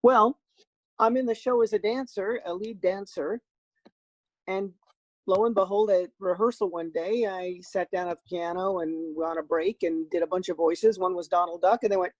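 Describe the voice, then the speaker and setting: An older man, a voice actor, telling stories in a lively, self-deprecating way as an interview guest. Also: high voice, moderate pace, dry recording, dull audio. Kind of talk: casual interview chat.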